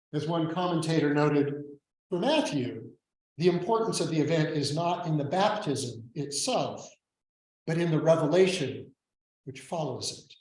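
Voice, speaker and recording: A priest from Oregon delivers a sermon in a fairly high voice, taking his time over each phrase. His manner is measured and reflective, with touches of gentle humor. The sound rings with the echo of a church sanctuary. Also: recorded from a distance. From Oregon, USA. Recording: echoey church room.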